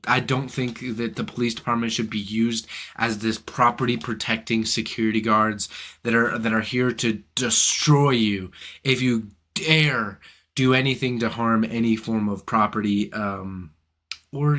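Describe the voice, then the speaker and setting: A man's voice: medium pitch, fairly even intonation, measured pace, sharp tone. A young man hosting a philosophy channel, delivering an indignant, profane rant to camera full of rhetorical questions. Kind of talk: ranting monologue to camera.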